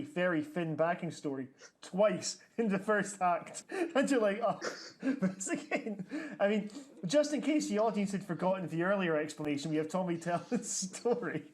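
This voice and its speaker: High-pitched UK man, chatty film-talk cohost, laughs a lot, trips over words. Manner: laughs often, stammers and restarts. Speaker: film review podcast co-host. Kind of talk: casual film discussion.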